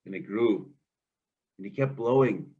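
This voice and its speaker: A man's voice: on the low side, a little slow, slightly rough. A man telling a traditional story to students in a school, conversational and full of asides. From Canada. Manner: lively, conversational, many asides. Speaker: oral storyteller. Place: school classroom. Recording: dull lo-fi recording.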